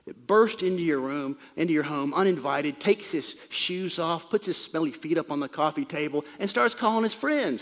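A man's voice: fairly high pitch, animated, fairly quick, few pauses. Preacher man in a reverberant hall. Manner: conversational, explains scripture in plain talk. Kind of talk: sermon.

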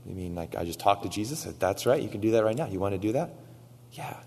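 A man's voice: on the low side, lively intonation, fast, a little mellow. A man preaching a sermon, telling a story with quoted dialogue and building to emphatic exhortation. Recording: long hall reverb.

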